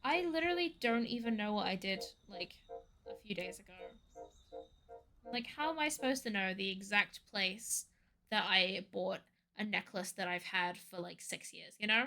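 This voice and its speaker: A woman's voice: mid-range voice, moderate pace, vocal fry, pushed and bright, faint music behind. A woman streaming from home, chatting casually in a rambling, ranty way, with lots of "like". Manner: rambling, ranty, heavy use of "like". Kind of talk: casual chat.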